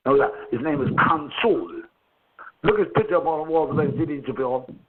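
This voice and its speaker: A man's voice: on the high side, animated, fairly quick. A man hosting a casual call-in chat over the phone, telling loose, profane stories and laughing often. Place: a friend's house. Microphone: phone line. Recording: tinny phone line with faint noise.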